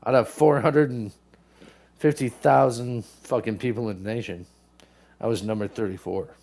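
A man's voice: mid-range voice, fairly even intonation, normal speed, creaky, darkish tone. A man co-hosting a casual radio show, laid-back and profane, often laughing along. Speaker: radio co-host.

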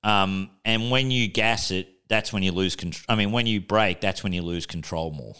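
Young Aussie man, low smooth voice, relaxed storyteller on a podcast. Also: normal speed. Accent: Australian. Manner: laid-back storytelling, swears freely. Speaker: podcast co-host. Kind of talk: casual chat.

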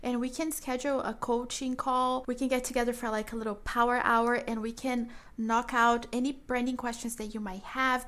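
A woman's voice: a little high, little pitch movement, moderate pace, hardly any pauses, a bit bright. A young woman branding coach talking to her listeners, enthusiastic and encouraging, calling them mama. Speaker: branding coach and podcast host. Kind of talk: upbeat solo talk to listeners.

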